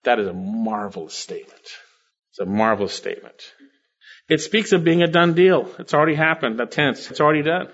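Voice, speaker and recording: Older male pastor, sermon, scripture exposition, swings between soft and excited, slightly dull recording. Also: on the high side, a little fast, husky. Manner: expository preaching, quoting scripture and Greek words, with sudden swells of enthusiasm.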